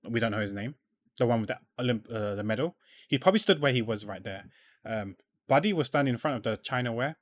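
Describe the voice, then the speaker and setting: A man giving casual, rambling commentary while playing a game, full of fillers and restarts that trail off quietly. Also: mid-range voice, expressive, fast talker, dry recording. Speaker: gamer.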